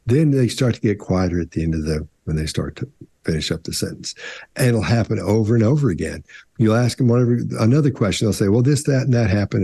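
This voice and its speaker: Mellow, husky male panelist. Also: lowish voice, no echo, clean studio sound. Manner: relaxed, rambling with restarts. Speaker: behavior analysis panelist. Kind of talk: casual panel discussion.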